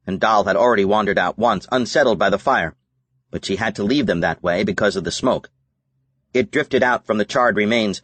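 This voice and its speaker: A man narrating a novel as an audiobook in a measured, even reading. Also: fairly low pitch, dry recording. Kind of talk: scripted narration.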